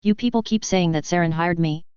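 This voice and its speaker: A woman's voice: on the low side, fairly quick, a little mellow, smooth, dry recording, dull audio, lightly acted. A woman voicing a defiant alien female mercenary leader who speaks with hissing scorn in a story reading.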